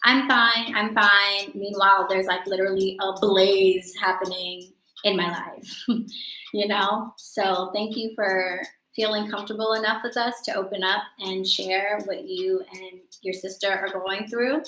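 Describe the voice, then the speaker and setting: A woman in her thirties hosts a casual live stream, chatty and joking and quick to laugh at herself. She talks in an unhurried, drawn-out way. Her voice rings with a roomy echo. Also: medium pitch, level tone, fairly bright tone. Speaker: host of a live witchcraft coaching stream.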